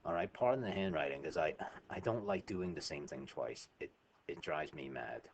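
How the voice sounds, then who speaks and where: A man's voice: a bass voice, lively intonation, moderate pace, a little hiss or hum. A man teaching a math lesson over a screen recording, chatty and informal, often checking in with "right?".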